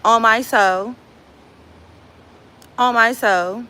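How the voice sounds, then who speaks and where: Woman from LA going off on her live, cussing nonstop, high tense voice. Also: steady tone, drawn-out words, sharp tone. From Los Angeles. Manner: profane, confrontational trash talk. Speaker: livestream host. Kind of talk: casual livestream rant. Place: laundromat.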